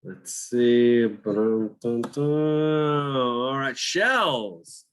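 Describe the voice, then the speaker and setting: A man teaching a cooking class over a video call, talking slowly with many fillers and restarts. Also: mid-range voice, lively intonation, clean tone, low-quality recording. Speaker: cooking instructor.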